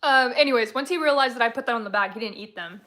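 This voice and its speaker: Woman livestreamer, high voice, chatty, rambling, quick to laugh. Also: sharp tone. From San Antonio, Texas, USA. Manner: chatty, rambling storyteller who laughs often. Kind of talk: casual chat with viewers.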